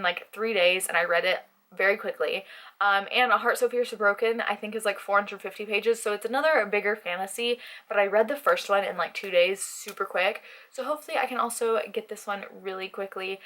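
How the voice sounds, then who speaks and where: A woman's voice: medium pitch, a bit bright. A young woman chatting casually to camera in a reading vlog, talking through her books with frequent "like" and "um". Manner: chatty, many "like" and "um" fillers. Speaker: book vlogger.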